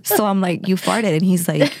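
Animated, profane woman storyteller. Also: on the low side, brisk. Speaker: podcast co-host. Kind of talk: casual storytelling chat.

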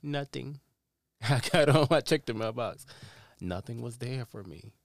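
A young man co-hosting a casual chat show, telling an animated story and acting out the people in it. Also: mid-range voice, measured pace, gravelly. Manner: animated storyteller, acts out quotes, laughs often. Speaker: podcast co-host.

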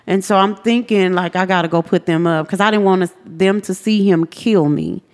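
A woman with a drawl recounts her own story as a podcast guest, her voice sitting a little low. She tells it earnestly and slips into the voices of the people she quotes. A long reverb trails behind her words. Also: moderate pace. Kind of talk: personal testimony in a podcast interview.

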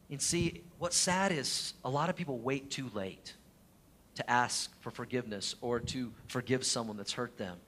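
A middle-aged pastor preaches with earnest feeling, telling his own story to the congregation. His voice sits at an ordinary pitch for a man and often sinks to a quiet hush when he speaks of hurt and love. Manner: earnest personal storytelling, drops to a soft hush at emotional points. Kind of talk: sermon.

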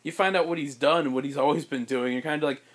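A man hosting a podcast, casually pitching a film plot in a rambling way, full of "like" and restarts. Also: fairly even intonation, fast talker. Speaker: podcast host.

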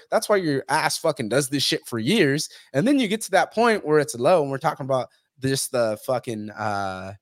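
A man's voice: mid-range voice, fairly quick, hardly any pauses, no room sound, clean studio sound. Blunt, foul-mouthed man telling stories. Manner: blunt, heavy swearing; animated storytelling, acts out others' lines. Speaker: podcast guest. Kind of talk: casual interview talk.

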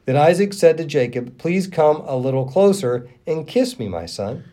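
A man co-hosting a podcast, reading scripture aloud and giving quoted speech a raised, expressive voice. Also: fairly high pitch, moderate pace. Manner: expressive reader who lifts his voice for quoted speech. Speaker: Bible reading podcast co-host.

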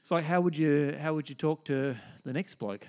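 A man's voice: fairly high pitch, moderate pace, darkish tone. An Australian man co-hosting a casual chat, easygoing and reassuring. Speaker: podcast co-host.

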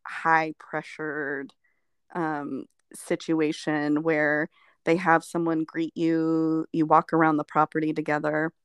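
A woman's voice: deep voice, smooth, no room sound, clean studio sound. A woman therapist telling a reflective personal story in conversation, meandering with fillers. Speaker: therapist guest.

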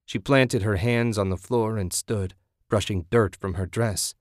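A man narrating a violent horror story in a steady, measured audiobook reading. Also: on the low side, no room sound, studio quality.

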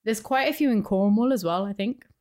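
A woman co-hosting a podcast, chatting casually and reading out a listener's ghost story in a steady voice. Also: mid-range voice, fairly quick. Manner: steady reader, relaxed banter. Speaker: podcast co-host.

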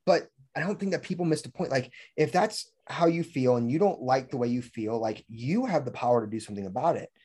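A man's voice: medium pitch, brisk, few pauses, breathy edge. A man in his twenties hosting a podcast as a fitness coach, telling stories with lots of "like" and laughter. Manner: energetic storyteller, fillers of "like", laughs often. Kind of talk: casual podcast chat.

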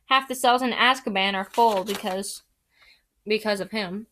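A man's voice: high voice, moderate pace, pushed and bright, a little hiss or hum. A woman reading aloud, voicing a friendly young man eagerly explaining something. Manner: chatty, explanatory.

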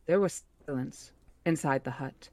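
A woman hosts a book club podcast, reading a novel aloud at a steady pace and fixing her own slips as she goes. Her voice sits low and dark, a little slow, with no echo in the recording.

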